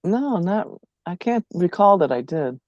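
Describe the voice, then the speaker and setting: A man's voice: high-pitched, sing-song, measured pace, dull audio. An older man co-hosting a casual chat, answering with short reactions and dry jokes. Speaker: co-host.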